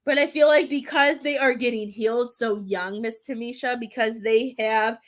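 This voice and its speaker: A woman's voice: a little high, fairly even intonation, moderate pace. Chatty, emotional woman doing a tarot reading. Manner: chatty, warm-hearted, laughs often between thoughts; emotional, near tears at times. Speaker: tarot reader and medium.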